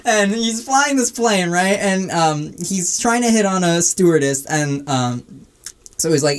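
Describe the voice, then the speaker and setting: A young man co-hosting a podcast, telling a long story in a halting, rambling way with many fillers and nervous laughs. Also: a little high, vocal fry. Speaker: podcast co-host. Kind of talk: casual chat.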